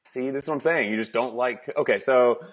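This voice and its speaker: A man's voice: mid-range voice, fairly quick. A man co-hosting a casual movie review podcast, rambling, restarting his sentences and laughing often. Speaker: podcast co-host. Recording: dull lo-fi podcast audio.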